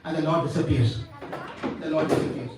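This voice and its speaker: A man telling a devotional story in an animated, dramatic sermon. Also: a little high, fairly quick, slight background noise. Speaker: preacher. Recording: echoey hall from far off.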